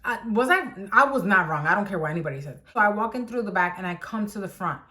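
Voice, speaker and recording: A woman's voice: mid-range voice, quick pace. A young woman vlogger animatedly telling a personal story time and acting out what people said. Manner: animated storytelling, acts out quotes.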